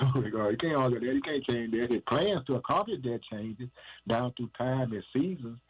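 Husky-voiced man preaching. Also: medium pitch, animated, normal speed, low-quality recording. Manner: asks and answers his own questions, peppered with "man"; emphatic, repetitive cadence. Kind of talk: informal sermon.

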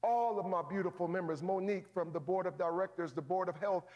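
A man preaching a sermon as pastor, calling out to his congregation, swinging from shouts to hushed low tones. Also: fast talker, lo-fi sound. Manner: calls out to the congregation, folksy phrasing.

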